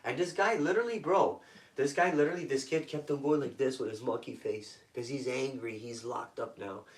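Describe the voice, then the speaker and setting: A man from Toronto speaks off-mic in a roomy, echoing space. He tells hard stories as a guest in blunt, profane street talk at a middling pitch. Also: fairly quick, recorded from a distance. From Toronto, Canada. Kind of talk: intense personal storytelling. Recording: echoey room, voice off-mic.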